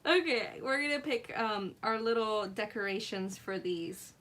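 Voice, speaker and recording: Young woman, higher voice, giggly, casual craft livestream chat, reads comments out. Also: measured pace, fairly bright tone. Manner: giggly, laughs often, reads chat aloud.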